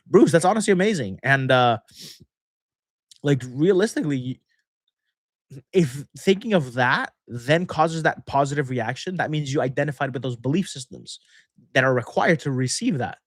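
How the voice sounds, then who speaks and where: A man's voice: medium pitch, expressive, moderate pace, dry recording, studio quality. A young man hosting a casual livestream Q&A as a manifestation coach, chatty and rambling, laughing often between thoughts.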